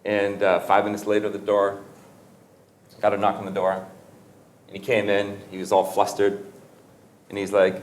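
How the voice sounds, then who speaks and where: A man's voice: on the low side, completely flat delivery, normal speed, long pauses. A man giving a motivational talk, telling a story in a conversational, humorous way and often correcting himself mid-sentence. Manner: conversational and humorous, with frequent self-corrections and laughter. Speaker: motivational speaker.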